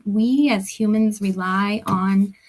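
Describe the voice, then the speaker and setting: A middle-aged woman reads her poems aloud, taking her time over each line. Her pitch sits in an ordinary middle range. Now and then a phrase softens almost to a whisper, picked up by a computer mic on a video call. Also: fairly even intonation, rough recording. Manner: slow, deliberate reading that drops at times into soft, near-whispered phrases. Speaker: poet reading her own work. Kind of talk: poetry reading at a book launch. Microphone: computer or headset mic on a video call.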